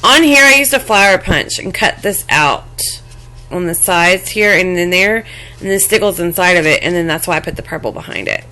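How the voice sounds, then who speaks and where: Low-voiced woman showing her craft project. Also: expressive, sharp tone. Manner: halting, many fillers and restarts, apologetic. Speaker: crafting vlogger. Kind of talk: casual show-and-tell craft demo.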